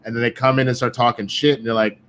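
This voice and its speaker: A man in casual podcast chat, telling animated, profane stories and acting out what others said. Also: medium pitch, quick pace, a little hiss or hum. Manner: profane, animated storytelling with quoted voices. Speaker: guest.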